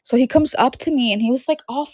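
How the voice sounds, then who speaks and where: A woman's voice: sits high, fast, dry recording. A young woman with a sore, itchy throat, chatting casually on a livestream while selling DVDs and VHS tapes, rambling with lots of fillers. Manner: rambling, filler-heavy storytelling.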